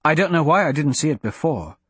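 A man's voice: a little high, lively intonation, a little fast, husky, no echo, pitched above the performer's own voice. A man voicing a sarcastic young princess. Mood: defiant. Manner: sarcastic, defiant. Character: spirited young princess, sharp-tongued woman. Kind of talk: audiobook character voice.

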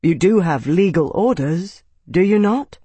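Man doing sardonic young captain, dry ironic authority, husky voice, dry studio sound. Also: sits high, animated, a little slow, dark tone, no room sound, voice pushed up, heavily acted.

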